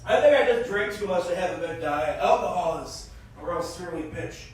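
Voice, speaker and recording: High-voiced man in a very echoey room. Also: normal speed, a little hiss or hum. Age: 30s. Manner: animated, bursts into shouted character voices. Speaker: stand-up comedian. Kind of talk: stand-up comedy set. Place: comedy festival stage. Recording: very echoey room, mic at a distance.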